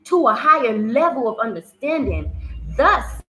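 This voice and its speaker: A woman's voice: on the high side, sing-song, unhurried, fairly bright tone, low-quality recording. A woman telling a personal story in a casual vlog, swearing freely and often repeating herself. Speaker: vlogger.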